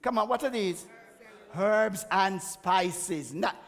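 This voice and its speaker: High-voiced man in echoey hall. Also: takes it slowly, fairly bright tone. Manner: chatty, emphatic, laughs at himself. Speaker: guest speaker on health. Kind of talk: church health talk. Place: church hall.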